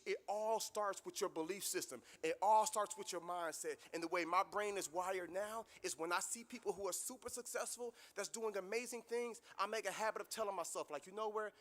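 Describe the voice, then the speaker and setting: Guy giving a pep-talk grad speech, high bright voice, storytelling that swells into preacher mode. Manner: storytelling, building to impassioned preaching cadence. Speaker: graduation guest speaker. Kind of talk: motivational speech. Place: graduation ceremony venue.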